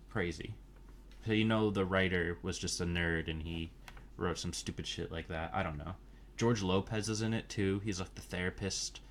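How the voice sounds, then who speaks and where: A man's voice: low-pitched, a bit bright, slight background noise. A man casually recapping movies in a crude, offhand, meandering way, full of fillers and asides. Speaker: movie reviewer.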